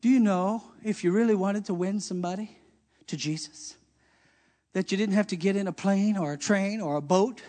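High-voiced fiery male preacher. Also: normal speed. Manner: fiery preaching, shouting at peaks, mock objections. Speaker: pastor. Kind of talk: sermon. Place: church service.

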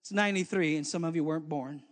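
A man preaching a sermon, dropping to quiet asides and then rising to loud exhortation as he calls on the congregation, with many fillers and restarts. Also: on the high side, fast. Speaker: pastor.

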